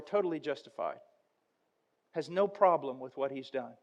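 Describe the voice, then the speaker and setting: A man preaching a sermon, telling a story dramatically and building to loud intensity. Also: mid-range voice, lively intonation, normal speed, highs cut off.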